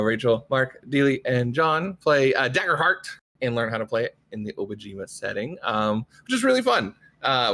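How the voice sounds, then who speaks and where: A man's voice: medium pitch, bright, forceful tone. A man introducing himself as a player in a laid-back, rambling way with lots of fillers. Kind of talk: casual chat.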